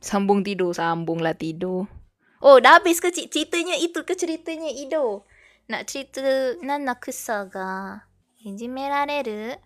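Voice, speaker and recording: A woman's voice: fairly high pitch, lively intonation, moderate pace, a bit bright. A young Malaysian woman with a Malaysian English accent, chatting casually on her livestream and switching between English and Malay. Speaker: VTuber streamer. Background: faint background music.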